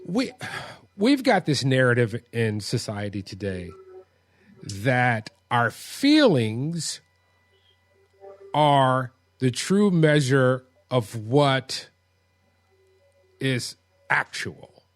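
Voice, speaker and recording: A man hosting an interview, talking in a halting way with frequent restarts. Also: medium pitch, big pitch swings. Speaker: host. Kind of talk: podcast interview.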